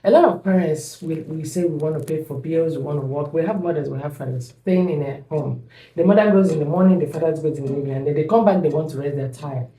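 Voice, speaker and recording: A woman's voice: low-pitched, fast. A woman from Nigeria, a mother, telling stories emphatically in a casual panel chat. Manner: animated storytelling, emphatic. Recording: echoey room.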